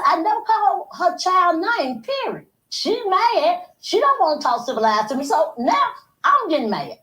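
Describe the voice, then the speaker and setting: High, animated woman retelling a fight. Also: moderate pace, echoey room, poor audio. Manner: heated, retelling an argument with quoted lines. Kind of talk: animated storytelling on a livestream.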